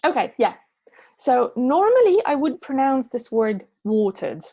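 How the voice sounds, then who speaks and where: A woman English teacher answers chat questions after an online lesson, speaking into an online meeting microphone. Her voice sits high and is mellow, with big pitch swings and a slightly slow pace. She's patient, checking that her answers land with "yeah?" and "okay?".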